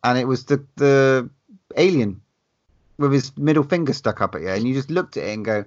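A man's voice: mid-range voice, normal speed, dull audio. A man co-hosting a casual film chat, enthusiastic and sweary, laughing between phrases. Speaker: podcast co-host.

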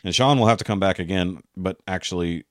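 Low-voiced guy hosting a podcast, rambly and loose, dry close mic. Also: a little fast, no room sound. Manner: rambling, wraps up with filler and restarts. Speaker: podcast host. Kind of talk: casual podcast chat.

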